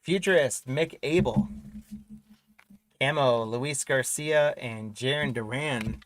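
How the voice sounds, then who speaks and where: A man's voice: mid-range voice, slow, low-quality recording. Man hosting a live card break. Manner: rattles off names and teams while opening packs. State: has the hiccups. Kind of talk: live-stream casual talk.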